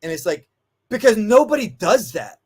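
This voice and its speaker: A man's voice: high-pitched, sing-song, normal speed, slightly rough. A man, a dog trainer and guest, telling stories in a casual, emphatic way with frequent swearing, acting out the voices he quotes. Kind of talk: animated storytelling in casual conversation.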